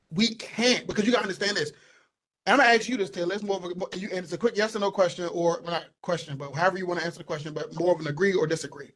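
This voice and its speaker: A young man holds forth on a casual podcast, fairly high in pitch. He is animated and emphatic and circles back over the same words to drive a point home. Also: rough recording. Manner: animated, emphatic, repeats himself for stress. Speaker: podcast co-host. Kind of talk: casual opinionated chat.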